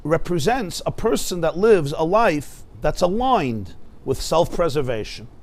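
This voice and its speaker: A man's voice: fairly high pitch, big pitch swings, unhurried. A rabbi teaching a Torah class, asking rhetorical questions and mixing Hebrew and Yiddish terms into his English.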